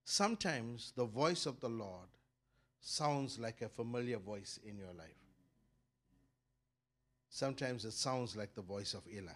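A middle-aged pastor preaching in a mid-pitched voice that surges loud and rises on his main points, then falls back to a low murmur. He repeats words as he builds each thought, in an emphatic sermon style. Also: a little slow, long pauses. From South Africa.

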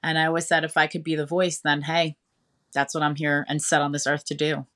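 A woman's voice: deep voice, flat delivery, fairly quick, fairly bright tone. A woman radio DJ, talking enthusiastically and chattily as an interview guest, with many fillers. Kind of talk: casual interview talk.

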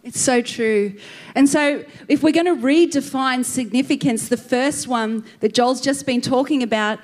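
A woman's voice: sits high, unhurried. A woman preaching a sermon with enthusiasm, speaking straight to the congregation. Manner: enthusiastic, addresses the congregation directly.

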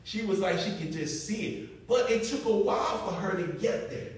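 A man's voice: high-pitched, lively intonation, normal speed. A male preacher delivering a sermon in an emphatic, conversational way, talking straight to his congregation. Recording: echoey room, mic far off.

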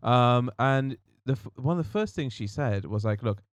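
A man's voice: medium pitch, expressive, moderate pace, clean tone, no echo. A man with a British accent, talking earnestly and thoughtfully in a casual chat in a park. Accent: British English. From Britain. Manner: earnest, thoughtful, with many restarts. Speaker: podcast co-host. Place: outdoors in a park.

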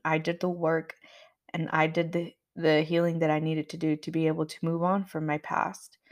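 A young woman hosting a podcast, telling a personal story in a candid, chatty way with frequent fillers. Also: lowish voice. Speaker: podcast host.

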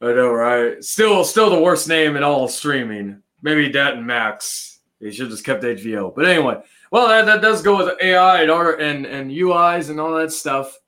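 A man's voice: on the high side, expressive, normal speed, hardly any pauses, sharp tone. A man co-hosting a podcast, rambling in casual banter, repeating words and restarting sentences. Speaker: podcast co-host.

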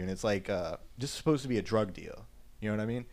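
A man's voice: on the low side, quick pace, a little mellow. A man co-hosting a podcast who retells a film in a casual, rambling way, full of fillers. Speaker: podcast co-host.

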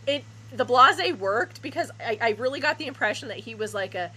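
A woman's voice: on the high side, animated, brisk, sharp tone, slightly rough. A woman co-hosting a casual podcast chat about horror films, making dry, sarcastic asides. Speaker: podcast co-host.

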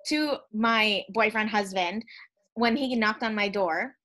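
Bright, chatty young woman. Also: medium pitch, takes it slowly. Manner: chatty, laughs often, acts out quotes. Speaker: podcast co-host. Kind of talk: casual chat.

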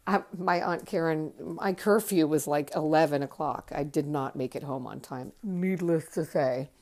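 A woman's voice: sits low, a little slow. Chatty woman in her fifties telling a memoir. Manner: chatty, conversational, drifting softer at times. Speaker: podcast host. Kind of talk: casual memoir storytelling.

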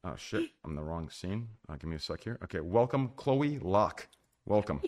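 A man hosts a casual group podcast in a somewhat low voice. He jokes and rambles as he introduces the cast, often trailing off and restarting. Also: big pitch swings, moderate pace, darkish tone. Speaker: podcast host.

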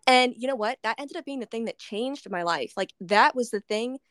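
A woman's voice: fairly high pitch, lively intonation, moderate pace, a bit bright, dry recording, clean studio sound. A woman hosting a podcast interview, chatty and emotional, laughing often as she shares her story. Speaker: podcast host. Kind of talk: casual interview chat.

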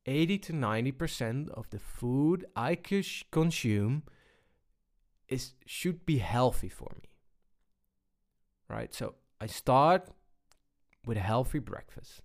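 Slow, pausing man talking about balance. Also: mid-range voice. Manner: unhurried, many pauses and restarts. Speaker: speaker on balance. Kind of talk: personal talk to an audience.

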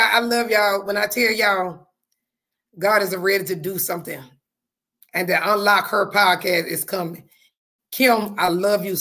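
Woman host, husky and hoarse voice, fervent preacher-like delivery to listeners. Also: medium pitch, fairly even intonation, a little slow, sharp tone. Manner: fervent, repetitive, preacher-like cadence. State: voice going hoarse. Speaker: podcast host. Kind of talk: spirited faith talk to listeners.

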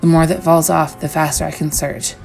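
A woman with a low, gravelly voice reads a first-person horror story in a measured way. She slows down on the eerie lines while faint music plays underneath. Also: level tone, darkish tone. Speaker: story reader.

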